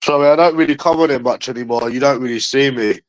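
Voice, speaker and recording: A man's voice: mid-range voice, fast, poor audio. A man in a profane, rambling livestream chat, calling his viewers bro and mate.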